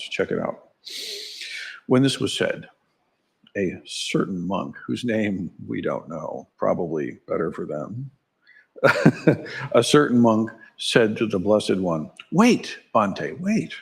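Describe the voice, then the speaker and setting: A man's voice: fairly low pitch, very animated, slow pace, vocal fry, husky. A man giving a conversational dharma talk at a temple, wry and asking his listeners questions. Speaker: dharma teacher. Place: temple hall.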